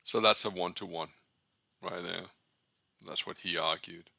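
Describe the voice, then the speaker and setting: A deep-voiced man talks traders through his charts, rambling and blunt, often correcting himself mid-sentence. His voice is gravelly with a sharp, bright edge, and it sits close and dry with no room sound. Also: fairly even intonation, measured pace, dry recording. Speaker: trader keeping a trading journal. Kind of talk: casual talk while screen-sharing charts.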